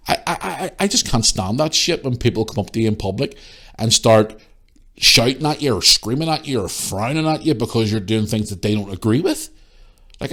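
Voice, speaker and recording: A man telling a story on his own podcast in a loose, heated rant. His pitch swings widely and jumps high on exclamations. He swears constantly and sounds exasperated throughout. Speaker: podcast host.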